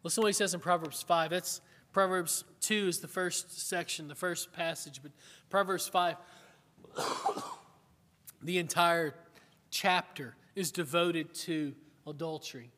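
A man's voice: a little high, unhurried, bright, forceful tone. A middle-aged man preaching a sermon in an earnest, conversational way, often asking his listeners questions. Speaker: pastor. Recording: long hall reverb.

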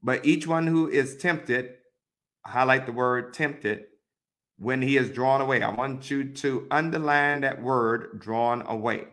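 A man teaching a Bible study, reading verses aloud and methodically telling listeners which words to underline and highlight. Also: fairly bright tone. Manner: methodical, repeats instructions to mark the text; reads scripture aloud then pauses to direct.

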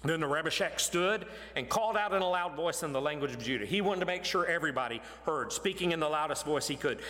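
A man preaching an expository sermon, animated and emphatic, pushing his voice up to stress points. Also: a little high, fast talker, few pauses. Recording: long hall reverb.

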